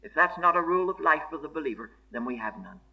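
A man's voice: fairly high pitch, big pitch swings, fast, gravelly. A man preaching a sermon in an earnest, emphatic way, repeating key phrases for stress. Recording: dull lo-fi sermon recording.

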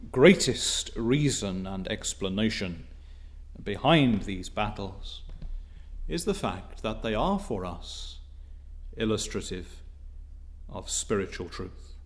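A man preaching a sermon in formal, old-fashioned wording, dropping to soft low asides and climbing to stressed, emphatic phrases. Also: animated, takes it slowly, pauses often.

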